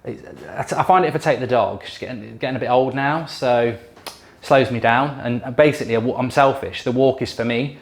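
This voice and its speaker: A man's voice: mid-range voice, fairly quick. A middle-aged man cooking in his home kitchen on a handheld camera, telling a long story in an exasperated, mildly sweary way. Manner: exasperated, swears mildly, mocks others in impressions. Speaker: YouTube host cooking on camera. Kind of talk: casual ranting storytelling while cooking.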